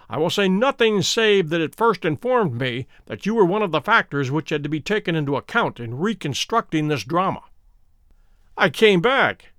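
A calm, stern detective, read by a male narrator who lays things out in a measured, exact way. The voice is fairly high and lively in its rise and fall, with a dry, close sound. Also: no echo. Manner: measured and precise.

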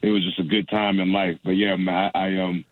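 A man's voice: sits low, little pitch movement, a little fast, dry recording. A young adult man, a stand-up comedian, chatting casually and rambling with many restarts and laughs. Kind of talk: casual phone interview. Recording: dry phone line.

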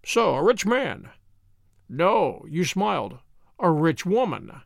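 A sharp, dry-witted detective who questions people crisply and teasingly, as a man voices him. His voice runs high and lively. The sound is dry and close. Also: slow pace, dry recording, heavily acted.

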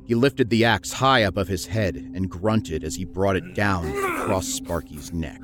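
A man reads a dark horror story aloud in a low, measured, grim manner. His voice sits very deep. Faint music plays beneath the narration.

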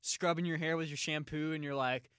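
Bright-voiced man rambling on a podcast. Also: fairly high pitch, steady tone, brisk, smooth, no room sound, clean studio sound. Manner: rambling storytelling, filler words, bursts of loud laughter. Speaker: podcast host. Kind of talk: casual podcast chat.

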